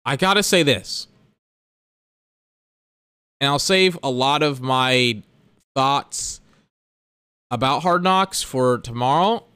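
A man's voice: mid-range voice, slow pace, pauses often, sharp tone, clear, resonant tone, no echo. A young man hosting a solo podcast, ranting in exasperation about his schedule and swearing freely. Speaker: podcast host.

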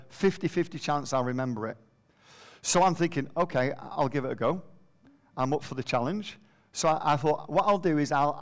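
A man in his fifties, a preacher and schools worker, giving a humorous storytelling talk in a self-deprecating way with a slight slur in his speech. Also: fairly high pitch.

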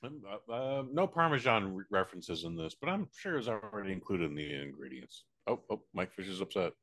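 An American man co-hosting a podcast, reviewing a movie in casual, profane chat with quick silly voices. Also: low-pitched, big pitch swings, fairly bright tone. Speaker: podcast co-host.

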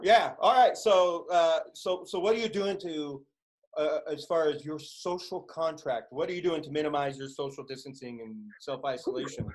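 A man hosting a casual interview, animated and teasing, laughing often. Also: on the high side, normal speed, poor audio. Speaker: host.

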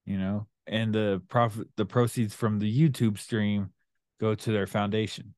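Laid-back middle-aged dad chatting. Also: male voice, lowish voice, little pitch movement, unhurried, darkish tone, no room sound, studio quality. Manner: laid-back, laughs often, jokey. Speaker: co-host, father. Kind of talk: casual chat.

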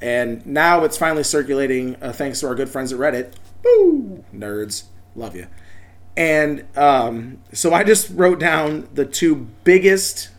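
A man's voice: medium pitch, measured pace. Laughing, rambling male podcast host. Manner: rambling, laughs often, tipsy banter. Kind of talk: casual chat.

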